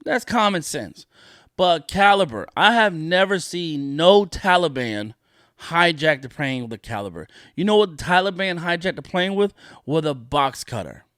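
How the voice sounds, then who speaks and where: A man's voice: on the high side, animated, normal speed, fairly bright tone, no echo, clean studio sound. A man hosting a solo podcast, ranting in a profane, indignant way and repeating his points for emphasis. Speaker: podcast host.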